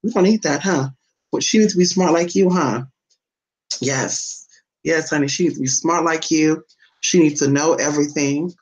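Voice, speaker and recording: A vlogger at home chatting to the camera and a pet dog, cursing freely, calling everyone honey and jumping into a squeaky high voice to tease the dog. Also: normal speed. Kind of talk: casual, profane home vlog. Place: indoors at home. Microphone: phone or camera set down nearby.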